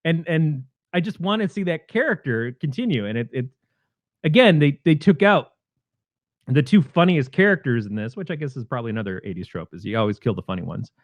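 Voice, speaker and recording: A man's voice: mid-range voice, lively intonation, fairly quick, dry recording, muffled recording. A man co-hosting a podcast, chatting casually about a film and eagerly retelling its scenes. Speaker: podcast co-host. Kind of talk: casual film review chat.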